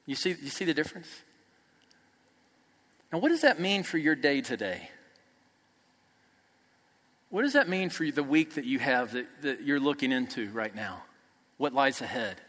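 A man preaching a sermon as pastor, emphatic, swinging from loud peaks to soft, quiet passages. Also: mid-range voice, big pitch swings, normal speed, pauses often. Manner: emphatic, rising to near shouts then dropping soft. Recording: long reverb of a large hall.

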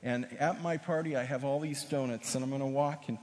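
A man's voice: mid-range voice, steady tone, fairly quick, darkish tone, big-room sound, natural voice. A man voicing an earnest college professor. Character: earnest male college professor teaching a lesson.

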